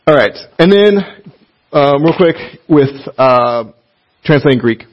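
A man's voice: medium pitch, slow pace. Chatty male Bible teacher, lo-fi sound. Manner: animated, chatty, laughs often, reads passages aloud. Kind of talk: casual classroom lesson.

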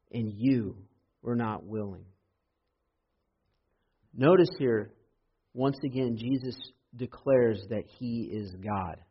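Husky-voiced man preaching a sermon. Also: medium pitch. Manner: rising to impassioned, loud emphasis when quoting. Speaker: pastor. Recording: dull lo-fi sermon audio.

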